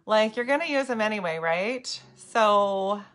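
A woman's voice: mid-range voice, expressive, measured pace, fairly bright tone, soft background music. A woman chatting casually with viewers while she demonstrates eye makeup on a live video at home. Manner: chatty, bubbly, talks to viewers by name. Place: home room lit by ring light and window light.

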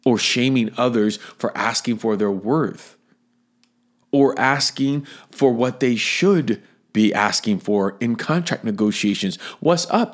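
A middle-aged man from Florida hosting his own podcast. He talks earnestly and emotionally, repeats phrases, and drops to a hush when he is moved. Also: fairly low pitch. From Florida, USA. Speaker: podcast host and acting coach. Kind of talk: solo podcast monologue.

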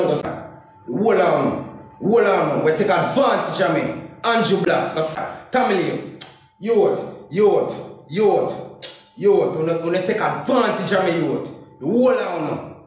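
A man with a Jamaican accent venting heatedly on social media, cursing and repeating himself as he speaks in Patois. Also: high-pitched. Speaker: comedian and YouTuber. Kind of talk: angry social media rant. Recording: very echoey room.

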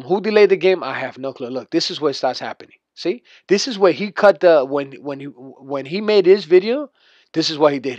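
A man's voice: a little high, no echo. A man doing a boastful, profane rant as gameplay commentary over a video game. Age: adult. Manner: boastful, profane, trash-talking. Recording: dull lo-fi dry recording.

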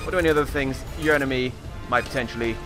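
A brash outback survival-guide bloke in a put-on Australian accent, as a gamer hams it up, tossing out slang and "crikey"s over gameplay. His voice sits at an ordinary middle pitch, with game music playing clearly behind. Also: very fast, natural voice. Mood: mock-instructive. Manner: hammy, slang-heavy, exclaiming "crikey". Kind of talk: gaming commentary.

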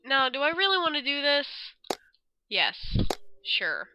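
Young woman gamer, high lively voice, swears a lot, loud reactions. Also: a little slow, noisy background. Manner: expressive and swearing, reads dialogue aloud. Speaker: let's play gamer. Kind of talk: casual game commentary.

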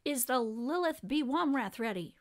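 A woman's voice: sits high, lively intonation, moderate pace. A woman voicing a man who referees a boat race, calling out commands in a storybook reading. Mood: announcing. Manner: announcing, calling out.

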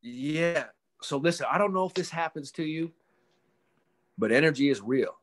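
On a relaxed podcast recorded over video call, a man who coaches mental performance shares stories with lively energy. His voice is fairly high and his pace moderate, and he drops casual swears while acting out the voices of those he quotes.

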